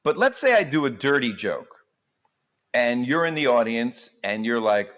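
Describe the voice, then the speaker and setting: Animated comedian acting out jokes. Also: male voice, mid-range voice, measured pace. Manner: animated, jokey, acts out quotes. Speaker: comedian guest. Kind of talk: comedic interview chat.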